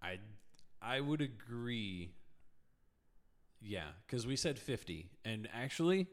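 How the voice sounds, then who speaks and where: Laughing, lively podcast co-host man. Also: medium pitch, slow pace. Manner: laughs often, talks over his co-host. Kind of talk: casual chat.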